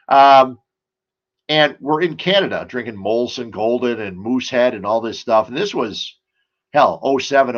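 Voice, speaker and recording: A man's voice: on the low side, muffled recording. A man hosting a casual sports and beer talk show, rambling and chatty, full of asides and stories.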